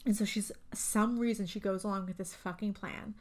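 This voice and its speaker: A woman's voice: mid-range voice, fairly even intonation, moderate pace, a little mellow. Rambling, cussing woman recapping a film. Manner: rambling, profane, lots of fillers. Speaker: podcast co-host. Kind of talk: casual horror movie recap.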